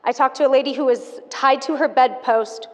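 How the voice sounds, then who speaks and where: A woman in her thirties giving a motivational keynote talk, telling her story in an animated, frank and playful way to the audience. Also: high-pitched, normal speed. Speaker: keynote speaker. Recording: dull sound, long hall reverb.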